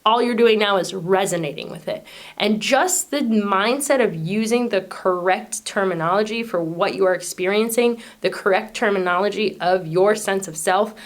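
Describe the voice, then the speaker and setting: A woman with a voice of ordinary middle pitch speaks to her own channel's viewers. She explains a spiritual idea in an earnest, casual way. She often wanders off and picks her thread back up, with many fillers and restarts. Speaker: channel host.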